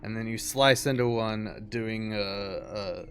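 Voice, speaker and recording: Male game master, deeper register, unhurried scene narration, slight noise floor. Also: fairly bright tone.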